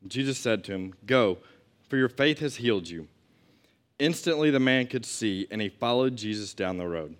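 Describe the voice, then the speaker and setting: A man's voice: fairly low pitch, normal speed. A man teaching a Bible lesson to a group in a conversational way, reading scripture and adding asides and questions.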